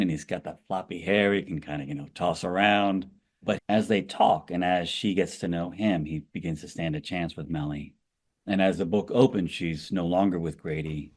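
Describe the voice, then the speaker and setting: A man guest on a podcast talks in a very low voice. He is thoughtful and tends to ramble, with frequent restarts and asides as he explains his ideas. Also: darkish tone. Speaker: author guest. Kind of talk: podcast interview.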